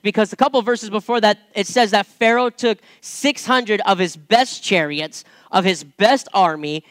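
Very high-voiced man preaching casually. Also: a bit bright, no echo, studio quality. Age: adult parent. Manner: conversational, repeats words, builds to emphatic preaching. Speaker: pastor or Bible teacher. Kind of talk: informal sermon with scripture reading.

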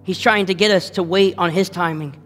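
A man preaches a sermon with a high, lifted voice. He drives his points home through repetition and switches into the voices of the people he quotes. His words ring out in a reverberant hall over faint background music. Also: steady tone, a little fast, fairly bright tone. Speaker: pastor.

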